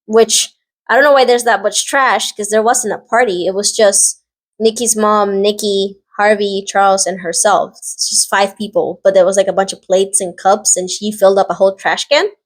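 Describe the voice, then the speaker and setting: A woman's voice: medium pitch, fairly even intonation, moderate pace. A young adult woman casually recapping a show, rambling with lots of fillers and sassy asides. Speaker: vlogger recapping a drama series.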